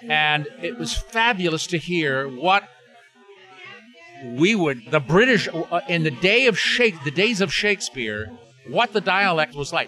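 Older male actor as interview guest, bright forceful tone, rambling delivery with many restarts, faint music underneath. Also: a little high, animated, a little slow. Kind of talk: casual interview chat.

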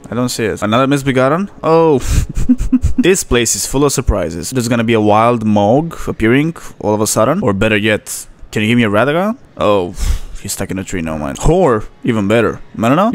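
A man commenting on his own gameplay, sarcastic and laughing often as he talks to the enemies. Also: medium pitch. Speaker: gaming channel host.

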